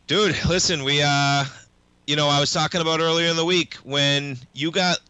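A young man hosting a live market radio show, talking fast and casually, dropping "man" into his sentences. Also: on the high side, clean tone, no echo. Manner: energetic, casual, says "man" a lot.

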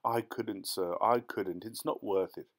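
A man's voice: on the low side, measured pace. A man voicing a fussy, ingratiating male antiques dealer posing as a parson, overly polite and wheedling.

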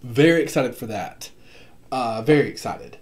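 Casting note: excitable male vlogger, chatty and rambling, mid-pitch, filler-heavy home-video delivery. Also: moderate pace. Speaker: book vlogger. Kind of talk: casual book haul chat. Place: home room.

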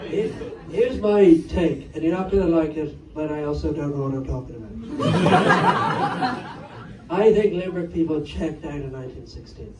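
Heard from a distance in a roomy live club recording, a man whose voice runs on the high side performs stand-up at normal speed. He rambles and chats wryly with the crowd between jokes as the audience laughs.

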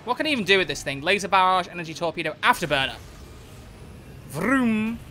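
A young man streaming a video game live, excitable and swearing a lot as he comments. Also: sits high, a little fast, a little hiss or hum. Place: home gaming setup at a desk.

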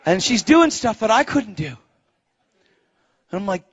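Animated, husky-voiced man preaching. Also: high voice, normal speed, muffled recording. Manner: animated, swings from hushed to shouting. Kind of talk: sermon storytelling.

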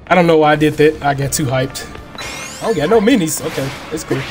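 A man hosting a gaming channel, giving excitable, slangy, trash-talking live commentary while he plays. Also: on the high side, moderate pace, vocal fry. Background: loud game music.

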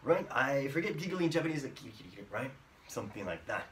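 A man teaching an online English lesson, saying words slowly and repeating them with frequent tag questions. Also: mid-range voice, very animated, fairly bright tone, slight background noise.

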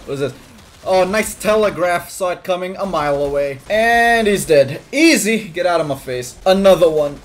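A man doing excitable gameplay commentary as host of a gaming video. He swears, yelps and shouts at the enemies he fights. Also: high voice, normal speed, slight background noise.

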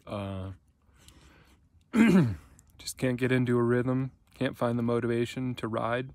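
A man's voice: mid-range voice, takes it slowly, a little mellow, dry recording. A man vlogging outdoors on a mountain pass, talking candidly and hesitantly, with many fillers and restarts. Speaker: bikepacking vlogger. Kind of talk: casual self-filmed vlog.

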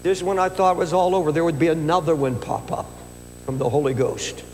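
A man's voice: a little high, a little fast, darkish tone. An older man in his seventies preaching a sermon at a conference, telling a personal story in an earnest way, stammering and restarting at times. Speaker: pastor. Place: large conference hall. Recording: echoey hall with faint hum.

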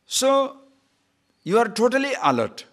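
A man giving a spiritual discourse to a live class, asking rhetorical questions and acting out little shouted scenes. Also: very high voice, big pitch swings, unhurried. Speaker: spiritual teacher.

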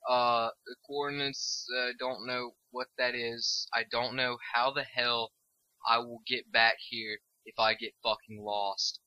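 A young man giving rambling, crude, joking commentary over gameplay, now and then jumping to high excited squeals. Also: no echo, dull audio. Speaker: gaming video host.

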